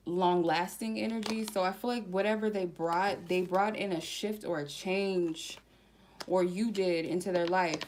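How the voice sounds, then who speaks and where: A woman giving a casual tarot reading to her viewers, chatty and slangy, slowly reading out card keywords one by one. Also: on the low side, a little mellow. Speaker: tarot reader.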